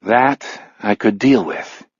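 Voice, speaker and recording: A man voicing a blind, dry-witted older man in an audiobook, measured and blunt, with a husky tone. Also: fairly low pitch, no room sound, dull audio. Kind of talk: audiobook character voice.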